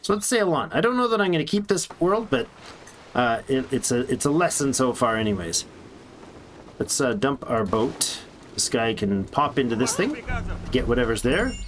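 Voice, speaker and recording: Lively, chatty man streaming a game. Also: mid-range voice, normal speed, a little hiss or hum. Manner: chatty, thinking aloud, joking to himself. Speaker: let's play streamer. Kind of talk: casual gameplay commentary.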